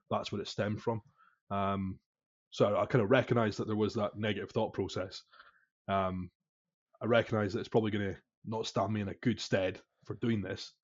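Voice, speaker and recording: Young male podcast guest, low-ish voice, measured and reflective, dull lo-fi recording. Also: a little mellow. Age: young adult. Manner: measured, thoughtful, many ums. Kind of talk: casual interview answers.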